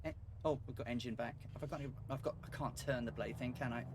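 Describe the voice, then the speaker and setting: A man's voice: mid-range voice, steady tone, quick pace, a little mellow, a little hiss or hum. A man streaming a flight simulator, chatting ruefully to viewers and laughing at his own mishaps. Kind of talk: live game stream commentary.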